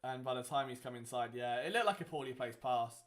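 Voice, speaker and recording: A man's voice: mid-range voice, lively intonation, fast. A young man hosting a casual live watchalong, talking in a rambling way with lots of fillers. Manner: chatty, rambling, many fillers. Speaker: watchalong host. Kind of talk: casual live game commentary.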